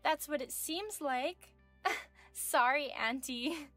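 A woman's voice: sits high, moderate pace, a bit bright, no room sound, faint music behind, voice pushed up. A woman voicing an arrogant young female medical student in her twenties who taunts and looks down on the person she speaks to, in a scripted audio drama reading. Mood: mocking. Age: 20s. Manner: taunting, condescending.

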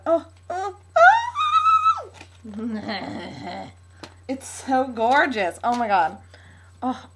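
A young woman opening a gift on her home vlog, gushing with excitable, breathless exclamations. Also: fairly high pitch. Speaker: vlogger.

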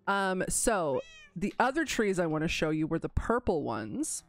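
A woman's voice: on the low side, a little slow, no room sound. Chatty woman narrating her gameplay. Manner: chatty, animated, dramatic pleading and giggling asides. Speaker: gaming channel host. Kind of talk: casual let's-play commentary.

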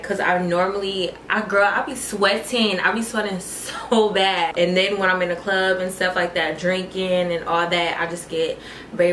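Casual makeup tutorial chat comes from a young woman vlogger with a mid-range voice and fairly bright tone. She refers to her viewers as "y'all" and "girl," recorded in an echoey space with faint noise.

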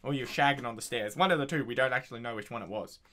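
A man's voice: mid-range voice, racing, bright, forceful tone. An Australian man hosting a reaction video, ranting in a sweary, slangy, casual way.

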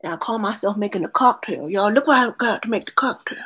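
Quick-paced and husky, this woman's mid-range voice has a fairly bright tone. She's an unboxing vlogger on a live stream, casually chatting, addressing viewers by name, and laughing frequently as she opens products.

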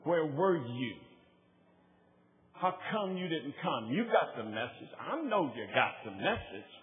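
A man's voice: on the high side, sing-song, measured pace. A man voicing a grieving woman who scolds a friend in an exasperated, complaining way, recorded on a tinny phone-like line. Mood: reproachful.

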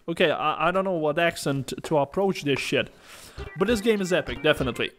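A man's voice: on the high side, expressive, brisk, a bit bright, soft background music. A man giving casual let's-play commentary while gaming, joking, swearing and laughing often.

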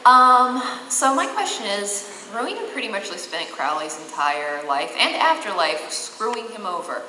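A woman with a bright, tense voice asks a fan question, hesitant at first and then earnest. Her voice rings through a reverberant hall with a long decay. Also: medium pitch, big pitch swings, measured pace. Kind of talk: convention Q&A question. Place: large convention hall. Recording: echoey hall with faint noise.

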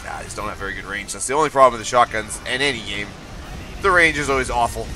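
A man streaming live gameplay, excitable, laughing often and trash-talking the enemies on screen. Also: medium pitch, fast, faint music behind. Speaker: game streamer.

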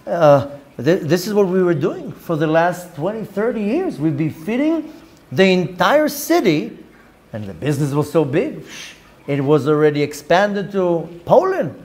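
A man, a rabbi, telling a story in a lively lecture, acting out the dialogue and mixing in Hebrew and Yiddish words. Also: high voice, unhurried.

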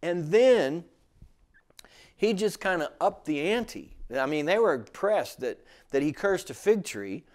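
A man teaching the Bible in a relaxed, conversational way. He often restarts phrases and grows emphatic when he quotes scripture. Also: fairly high pitch, a little slow. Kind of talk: sermon teaching.

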